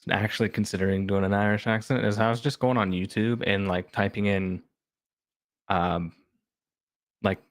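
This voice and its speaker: A man's voice: fairly low pitch, steady tone, normal speed, long pauses, no room sound, studio quality. A man in a casual podcast chat, rambling and thinking aloud with lots of fillers. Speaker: podcast cast member.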